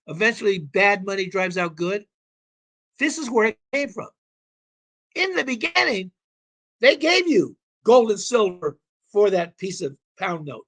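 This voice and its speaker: A man's voice: high-pitched, a bit bright. A man talking as a call-in show guest, explaining at length in an emphatic, rambling way and swearing now and then. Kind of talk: casual explanatory talk.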